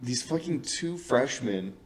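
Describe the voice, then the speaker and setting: A man's voice: medium pitch, expressive, slow, a crowd in the background. Blunt young man, casual swearing. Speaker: podcast co-host. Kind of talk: casual chat.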